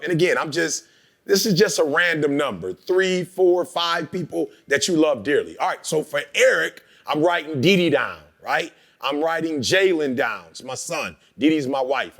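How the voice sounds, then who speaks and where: A man on a conference stage giving brisk, directive instructions to the audience and often checking in with "all right". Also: fairly high pitch, creaky, a bit bright. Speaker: motivational conference speaker. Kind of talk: interactive workshop talk.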